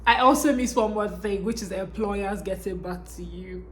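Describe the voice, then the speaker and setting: A woman's voice: mid-range voice, normal speed, slight background noise. A young woman with a Nigerian accent, talking casually to her viewers in a chatty vlog and often tagging her lines with "okay?". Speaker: vlogger.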